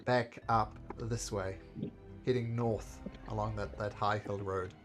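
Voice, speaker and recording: A man's voice: lowish voice, fairly even intonation, slow pace, faint music behind. A man narrating casually as game master of a tabletop game, with plenty of hesitations.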